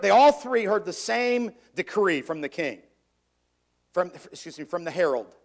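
A man with a high, gravelly voice delivers a sermon. He reads scripture in an old-fashioned cadence and slows down to drive home the words he wants stressed. Between readings he explains with repetitions and restarts. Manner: reads scripture in archaic cadence, slowing for emphasis; repeats words and restarts as he builds points. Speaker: preacher.

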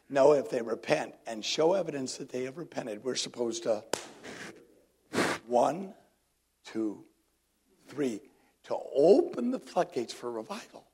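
A middle-aged male pastor preaching a sermon, swinging between loud emphatic lines and hushed ones. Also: medium pitch, lively intonation, measured pace, long pauses, husky.

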